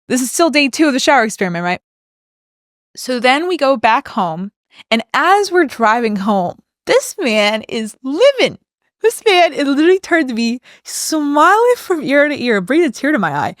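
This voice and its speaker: A woman's voice: fairly high pitch, dry recording, clean studio sound. A woman co-hosting a podcast, telling a personal story in a casual, effusive and heartfelt way. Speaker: podcast co-host.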